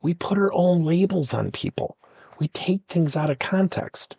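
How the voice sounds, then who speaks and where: A man's voice: on the high side, a little slow, creaky, husky, dry recording. A middle-aged man, a workplace coach and podcast host, telling stories and acting out the dialogue. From United States. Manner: animated, acts out dialogue in stories. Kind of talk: storytelling coaching talk.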